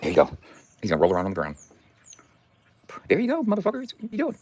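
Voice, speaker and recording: A man's voice: medium pitch, wildly swooping pitch, fast, darkish tone. A man casually chatting on his live stream from home, joking loosely with plenty of profanity. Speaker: livestreamer. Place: indoors at home.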